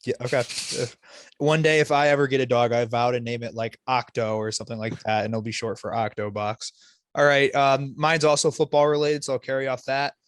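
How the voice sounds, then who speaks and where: A man's voice: mid-range voice, flat delivery, fairly quick, no room sound. A man co-hosting a podcast, griping about sports in a profane, mock-vengeful way. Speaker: podcast co-host. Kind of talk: casual sports chat.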